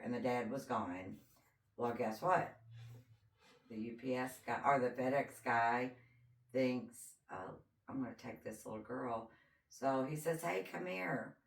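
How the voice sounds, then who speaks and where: A woman co-hosting a podcast, telling a true crime story in casual chat and acting out the quotes as she goes. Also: a bass voice. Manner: animated storyteller, acts out quotes. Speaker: podcast co-host. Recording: roomy echo, distant mic.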